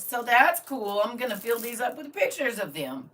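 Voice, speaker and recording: A woman's voice: medium pitch, sing-song, moderate pace, fairly bright tone, recorded from a distance. An older woman, chatting casually to viewers on a live stream and talking straight to them. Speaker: vlogger.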